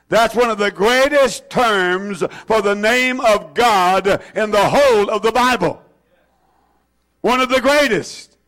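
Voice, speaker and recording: A male preacher, delivering a sermon and drawing out scripture quotations with slow emphasis. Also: high voice, a bit bright.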